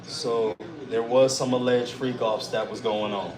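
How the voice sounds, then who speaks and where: A man's voice: medium pitch, measured pace, reverberant, crowd noise, low-quality recording. A man, hosting a casual talk show and telling stories with a lot of swearing. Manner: animated, swears a lot, acts out his own shouting. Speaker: podcast host. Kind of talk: casual storytelling chat.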